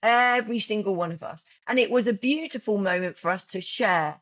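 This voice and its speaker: A woman's voice: medium pitch, fairly quick, a bit bright, dry recording, highs cut off. A woman podcast guest talking openly and emotionally, often restarting and repeating her words. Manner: heartfelt, frequent restarts and repetitions. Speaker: podcast guest, journal creator. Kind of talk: emotional casual interview talk.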